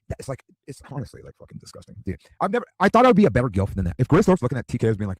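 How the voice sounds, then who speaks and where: A man's voice: mid-range voice, wildly swooping pitch, racing, no room sound. A man in his fifties, a streamer ranting crudely and rambling, full of profanity and "dude.". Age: 50s.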